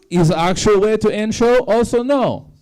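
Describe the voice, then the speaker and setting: A man doing a put-on Russian accent in broken English, a deadpan comic figure musing grandly. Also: high-pitched. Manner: slow, grandly philosophical comic delivery. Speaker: comedy show guest.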